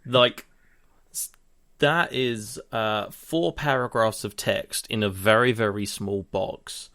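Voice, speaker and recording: A man's voice: on the low side, slow, a bit bright. A man co-hosting a podcast, chatting casually and animatedly, swearing now and then. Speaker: podcast co-host. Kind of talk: casual chat.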